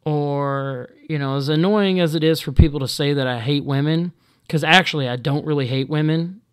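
A man talking to camera in a casual monologue, halting and full of ums and restarts, blunt and exasperated. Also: a little high, clean tone. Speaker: video blogger.

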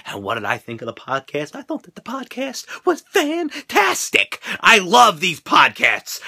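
A man hosting a casual chat show, excitable and profane, laughing often. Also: a little high. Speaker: host.

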